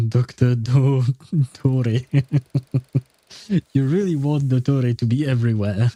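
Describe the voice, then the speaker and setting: A man's voice: mid-range voice, takes it slowly, warm tone, no echo, soft background music. A man giving casual, rambling commentary while playing a video game, laughing often. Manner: laughing, rambling, self-deprecating. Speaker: gaming streamer.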